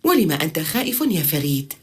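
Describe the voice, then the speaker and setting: A woman's voice: sits low, big pitch swings, racing. A woman voicing a tender cartoon mother who questions her small son in dubbed cartoon dialogue. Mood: questioning.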